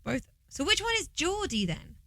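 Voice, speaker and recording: A woman co-hosting a podcast in casual chat, playful and quick to laugh. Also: sits high, sing-song, pushed and bright, no room sound, low-quality recording. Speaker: podcast co-host.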